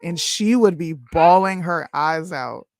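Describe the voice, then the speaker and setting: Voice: medium pitch, takes it slowly, dry recording, clean studio sound. A podcast co-host speaking bluntly and frankly in casual chat, peppered with "bro".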